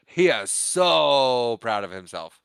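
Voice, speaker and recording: A man's voice: medium pitch, slow pace, creaky, smooth, no room sound. A young man co-hosting a podcast, retelling a movie scene in casual chat, acting out the characters' lines and laughing often. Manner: animated retelling, acts out quotes, laughs often. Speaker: podcast co-host.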